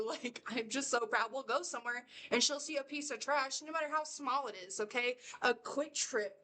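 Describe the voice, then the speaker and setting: A woman's voice: a little high, sharp tone. A woman rambling through a casual reaction video, laughing often and circling back on her points. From United States. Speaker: reaction vlogger.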